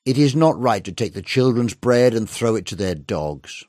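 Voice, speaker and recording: A man voicing Jesus in a Bible story reading, with calm, measured authority. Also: on the low side, no echo, studio quality, lightly acted.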